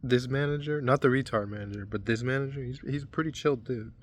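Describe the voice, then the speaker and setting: A man's voice: mid-range voice, quick pace. Rambling young man ranting about work. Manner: rambling, frustrated, swears often. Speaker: vlogger. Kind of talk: casual storytelling rant.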